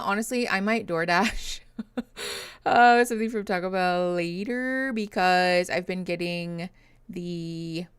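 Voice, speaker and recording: Chatty woman streamer, smooth dry voice. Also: mid-range voice, fairly bright tone, dry recording. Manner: chatty, laughs often, greets viewers by name. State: tired and yawning. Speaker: therapist streaming reactions. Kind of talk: casual livestream chat reading comments.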